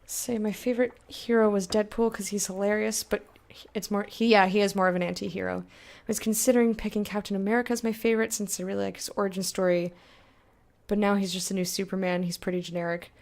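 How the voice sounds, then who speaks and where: A woman's voice: medium pitch, fairly even intonation, fast talker, creaky, darkish tone. Chatty young woman streaming a game. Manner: chatty, laughs often, reads game text aloud. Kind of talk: casual let's-play chat with viewers.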